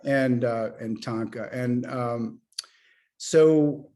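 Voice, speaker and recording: A middle-aged man, an author, chatting about his writing and telling stories with lively acted-out dialogue. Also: medium pitch, very slow. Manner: animated storyteller who acts out dialogue. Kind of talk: conversational author interview.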